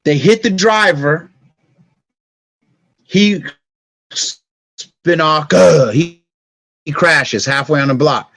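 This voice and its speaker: Speaking very slowly with long pauses, in a voice on the high side, a middle-aged podcast guest tells stories in casual conversation, playing out scenes with sound effects and turning soft and reflective when it gets emotional. No room sound is audible.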